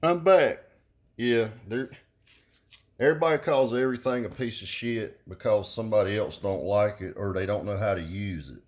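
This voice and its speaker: A man's voice: on the low side, normal speed. A middle-aged man, ranting casually and bluntly with crude slang. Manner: profane, blunt, drawling southern slang. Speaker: car audio vlogger. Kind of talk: casual rambling rant.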